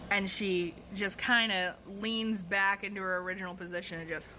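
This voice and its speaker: A woman telling a casual storytime monologue about her cashier job, animated and profane. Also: medium pitch, moderate pace, background noise.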